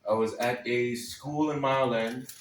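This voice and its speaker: A man's voice: medium pitch, steady tone, unhurried, slight background noise. Wry man reading in an echoey room. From Texas, United States. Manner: wry, sardonic delivery with dry asides. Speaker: spoken-word performer. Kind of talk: reading a personal essay aloud at a live club night. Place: small club stage, live reading. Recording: echoey room, voice a little far from the mic.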